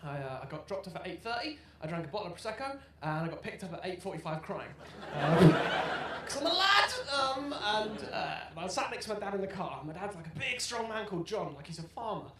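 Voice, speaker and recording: A young man in his twenties doing a stand-up comedy set, telling self-deprecating stories and bursting into loud shouted punchlines. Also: high voice, sing-song, fairly quick, hardly any pauses, over a noisy crowd. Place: comedy club stage with live audience. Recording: roomy live venue sound. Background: audience laughter.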